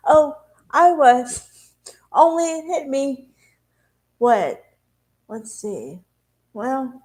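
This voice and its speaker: A woman's voice: high voice, a little mellow. A woman vlogger talking candidly and confessionally to her viewers in a rambling, casual way. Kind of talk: emotional casual talk to camera.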